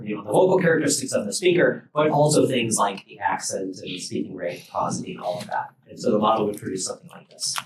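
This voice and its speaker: Male researcher at a workshop talk, halting delivery, roomy and distant mic with faint noise. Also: on the low side. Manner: loose and halting, many fillers and restarts. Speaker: university researcher giving a talk. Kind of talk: technical lecture. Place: lecture room at a workshop.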